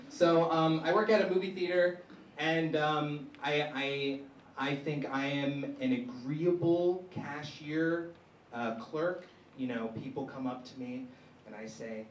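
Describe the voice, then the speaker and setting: Young guy doing standup, slow and halting, lots of ums, distant mic, echoey noisy room. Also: fairly high pitch. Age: young adult. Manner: awkward, hesitant, many fillers. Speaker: stand-up comedian. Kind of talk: stand-up set. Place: stage at a small live comedy show.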